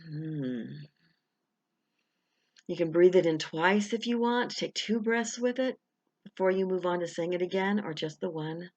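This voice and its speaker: A woman hosting a guided affirmation talk in an encouraging, conversational way, slowing down to speak each affirmation. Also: lowish voice, vocal fry, a little mellow. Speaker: affirmation coach, host. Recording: dull lo-fi recording.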